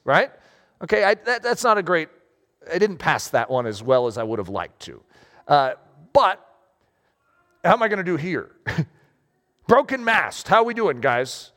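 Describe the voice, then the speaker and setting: A man preaching a sermon, talking in a lively, conversational way with self-deprecating asides. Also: high voice, normal speed, big-room sound. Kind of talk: sermon with story reading.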